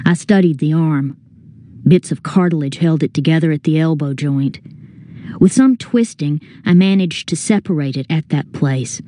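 A woman narrating a story as an audiobook reader, in a measured, earnest first-person telling. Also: low-pitched, warm tone, no echo.

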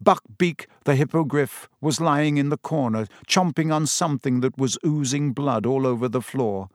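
A man narrating a story in a measured, even reading style. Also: mid-range voice, dry recording, studio quality. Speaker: audiobook narrator.

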